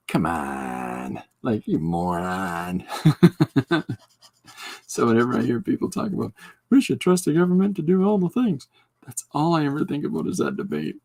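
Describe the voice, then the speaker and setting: A man's voice: mid-range voice, big pitch swings, quick pace, gravelly, darkish tone, husky. A man hosting a podcast livestream, chatting casually and joking with viewers while he draws. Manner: rambling, joking, reacting to chat. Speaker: podcast host.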